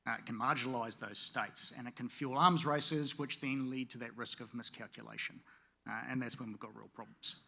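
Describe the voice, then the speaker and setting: At a conference venue, a Pacific Islander man in his forties delivers a formal panel speech in a bright, forceful, medium-pitched voice. He speaks in a measured way, often filling pauses with "uh."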